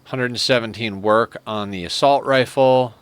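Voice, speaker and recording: While playing a strategy game on stream, a man chats casually into a desk microphone and spins a rambling story, laughing at his own tale. His voice is medium-pitched and smooth, at a normal speed, with no echo.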